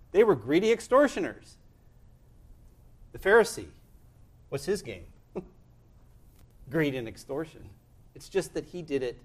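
A male pastor preaching a sermon in earnest, swinging from loud pleading to hushed tones in a church. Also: fairly high pitch. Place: church sanctuary.

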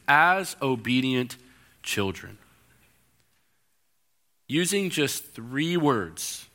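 A male pastor preaching a sermon in a church, explaining scripture and acting out the voices in the stories he tells. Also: mid-range voice. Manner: expressive preaching, acts out quoted voices.

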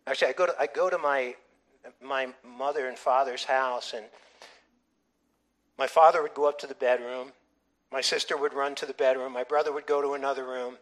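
Bright-voiced animated male preacher. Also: mid-range voice, fairly quick. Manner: animated, emphatic storytelling with frequent restarts. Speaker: pastor. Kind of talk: sermon.

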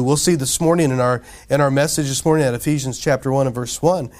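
A pastor preaching a sermon in a casual, conversational way, often asking the congregation questions and acting out quoted voices. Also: male voice, mid-range voice, fairly even intonation, quick pace, darkish tone.

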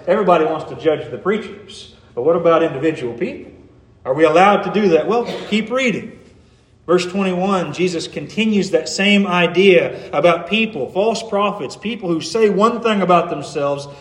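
A man preaching a sermon in an earnest way, his emphasis rising and falling. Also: on the high side. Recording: echoey room.

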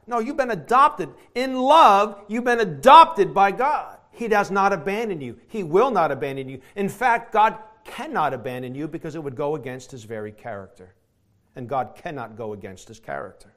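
A man preaching a sermon, emphatic, moving from hushed reflection to shouted declarations. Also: high-pitched, very animated, a little slow. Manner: emphatic, swings from quiet to shouting.

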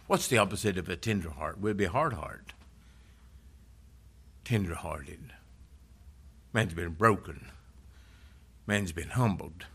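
A man's voice: deep voice, measured pace, vocal fry, pauses often, fairly bright tone, husky. A man preaching a sermon in an earnest, conversational way, retelling scripture stories.

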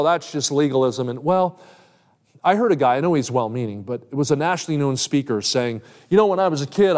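A man's voice: on the high side, darkish tone. A man preaching a sermon as an evangelist, earnestly quoting Scripture at length and pressing his points with rising emphasis. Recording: long hall reverb.

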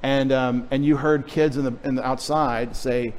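A man's voice: mid-range voice, little pitch movement, normal speed, hardly any pauses, a little mellow. A middle-aged man from Texas preaching a sermon with a light Texas accent, joking in chatty asides. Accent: Texan. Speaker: pastor. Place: church.

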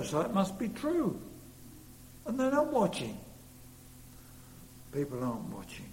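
A man's voice: sits high, dark tone. A man preaching a sermon earnestly, leaning hard on key words. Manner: earnest, rising to emphatic stresses. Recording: long reverb in a hall, faint hum.

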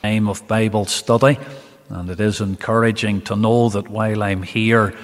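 A man preaching a midweek Bible study to a camera in an empty church, slow and emphatic, lifting his voice on key phrases. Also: fairly low pitch, steady tone. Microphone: camera recording for online viewers. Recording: long reverb in an empty church.

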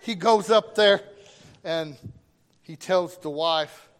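A middle-aged man, a pastor, telling a folksy story in a sermon with animated quoted voices. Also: high voice, slow pace, smooth. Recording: long reverb of a hall.

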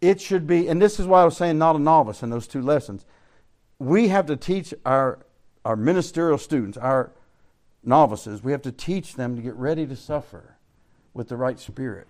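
A man's voice: on the high side, lively intonation, moderate pace, a little mellow. An older man from Central Florida, teaching a Bible class in a preaching style, telling folksy stories, asking rhetorical questions and chuckling often.

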